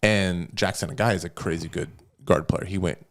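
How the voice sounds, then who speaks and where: A man with a deep, low voice co-hosts a casual podcast chat. He rambles through stories with jokey, animated bursts. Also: normal speed, gravelly. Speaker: podcast co-host.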